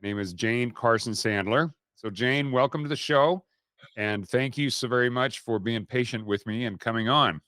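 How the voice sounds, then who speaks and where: A man's voice: medium pitch, moderate pace, sharp tone, dry recording, clean studio sound. A man hosting a podcast interview, introducing his guest in a slightly rambling way. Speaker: host.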